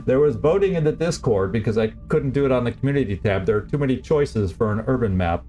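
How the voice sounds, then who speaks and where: A man's voice: medium pitch, lively intonation, fast talker, warm tone. A man streaming a strategy game and chatting casually, laughing often and poking fun at himself. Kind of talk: casual let's-play commentary.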